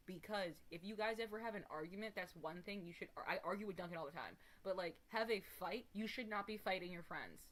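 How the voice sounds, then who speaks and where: A woman's voice: mid-range voice, fairly bright tone. A woman streamer chatting casually to her viewers, rambling and emphatic, with casual swearing. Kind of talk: casual live stream chat.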